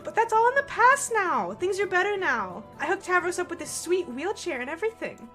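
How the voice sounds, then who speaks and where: A woman doing a loud, pushy troll girl, high and bright. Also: sing-song, normal speed, soft background music. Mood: defensive. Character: brash bossy teenage troll girl.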